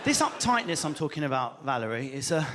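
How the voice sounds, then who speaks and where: A British man performing a stand-up comedy set, animated and swearing as he acts out characters. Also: fairly high pitch, fast, heavy background noise. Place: live comedy venue with audience.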